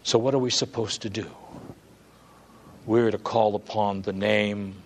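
A man preaching a sermon as pastor in a church, moving from quiet, drawn-out words to loud, high, pleading calls. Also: fairly even intonation, a little hiss or hum.

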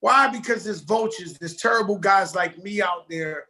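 A man's voice: sits high, moderate pace, sharp tone, low-quality recording. A middle-aged man talking as a guest in a casual interview, rambling and loose with streetwise slang.

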